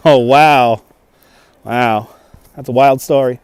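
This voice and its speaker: A man's voice: medium pitch, steady tone, slow, pauses often, a little mellow, clean tone. A man hosting a casual walking livestream outdoors in a snowy park, chatting and answering viewer comments while holding a phone on a gimbal. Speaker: livestream host. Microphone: phone on a handheld gimbal.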